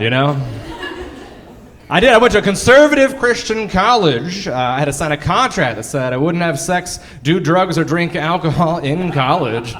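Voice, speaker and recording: A fairly high-voiced man in his thirties on a live comedy stage, working the crowd in a loose, chatty way. He pokes fun at himself and keeps laughing at his own punchlines. There is a faint hiss under the recording. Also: a bit bright. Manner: self-deprecating, laughs through his punchlines; chatty crowd work with the audience. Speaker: stand-up comedian. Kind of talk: stand-up comedy set.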